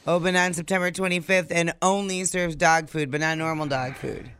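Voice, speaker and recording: A man's voice: on the high side, fairly even intonation, normal speed, pushed and bright, smooth. A man co-hosting a morning show podcast, reading out odd news stories with sardonic asides. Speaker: co-host. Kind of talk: casual morning show banter.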